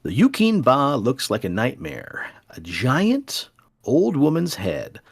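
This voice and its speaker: A man's voice: medium pitch, wildly swooping pitch, takes it slowly, gravelly, breathy edge. Playful, dramatic male podcast storyteller. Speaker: podcast host.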